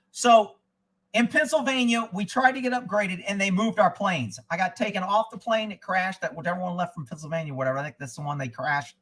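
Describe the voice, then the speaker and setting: A man hosting a live chat stream, spinning long, digressive anecdotes in a blunt, profane way. His voice sits high and bright with a sharp edge. He speaks casually, as if chatting to regulars. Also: poor audio. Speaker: former child abduction investigator. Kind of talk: casual rambling storytelling.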